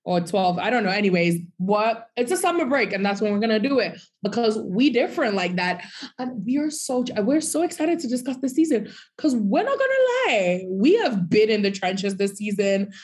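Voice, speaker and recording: A woman co-hosts a podcast in casual chat, speaking animatedly in a mid-range voice at a moderate pace. She breaks into sung bits and mock quotes.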